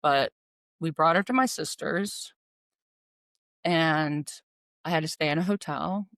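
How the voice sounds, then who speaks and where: A woman's voice: low-pitched, slow pace, a bit bright, no room sound. A middle-aged woman earnestly retelling a personal story, acting out the dialogue as she goes.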